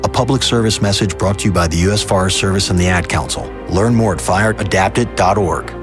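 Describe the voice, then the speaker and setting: A man reading a public service announcement in a measured, slow delivery. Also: deep voice. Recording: voice over music bed.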